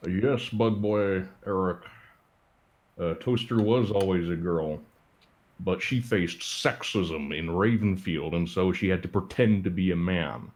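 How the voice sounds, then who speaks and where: A man with a very low, deep voice trades dry, teasing jokes in relaxed stream chatter. He talks casually with friends, deadpan and playful. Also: a little slow. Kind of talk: casual chat on a gaming stream.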